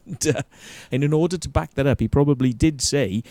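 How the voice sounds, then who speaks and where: Combative, swearing man, dark voice. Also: medium pitch, brisk, hardly any pauses, dry recording. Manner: combative, profane ranting. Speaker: show host. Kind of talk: commentary on an interview clip.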